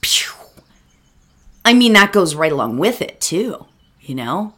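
An earnest middle-aged woman talks as a meditation teacher, her pitch rising and falling with lively swings. She rambles warmly toward her listeners, turning to them often and sounding emotional, close to tears, in a reflective solo talk. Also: unhurried.

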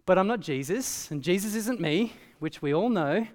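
A man preaching a sermon as pastor, in a conversational, animated way with asides. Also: high voice, moderate pace, long reverb tail.

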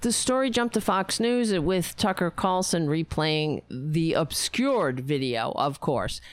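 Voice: mid-range voice, expressive, takes it slowly, no room sound. A political commentator giving a sarcastic, scornful solo rant, stopping and restarting often.

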